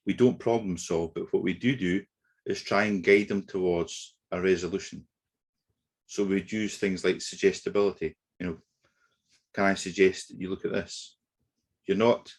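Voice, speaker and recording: Low husky-voiced man teaching negotiation. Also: fairly even intonation, a little mellow. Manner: measured explanatory delivery with occasional fillers. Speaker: negotiation trainer. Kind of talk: webinar lecture. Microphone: webinar computer mic.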